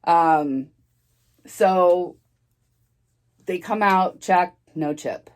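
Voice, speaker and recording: A woman's voice: lowish voice, very slow. A woman telling a personal story in a casual storytime vlog, rambling with many fillers and restarts and laughing as she talks.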